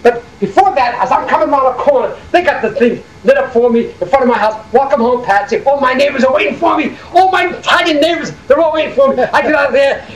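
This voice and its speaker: Old new guy, super high pitched, acts out all the dialogue, roomy echo and faint noise. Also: quick pace, few pauses. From Hackensack, New Jersey. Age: older. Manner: animated, acts out quoted dialogue. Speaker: war veteran interviewee. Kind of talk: oral history storytelling.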